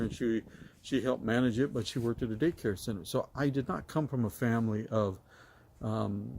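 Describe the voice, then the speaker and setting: Middle-aged man, low-ish voice, rambling casual storytelling, faint hiss behind. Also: darkish tone. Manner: rambling, many fillers and restarts.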